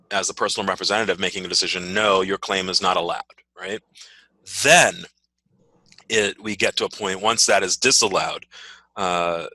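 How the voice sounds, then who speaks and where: A man's voice: lowish voice, pushed and bright, no room sound, rough recording. A man teaching a law class, explaining procedure with frequent "right?" checks and fillers. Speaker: law professor.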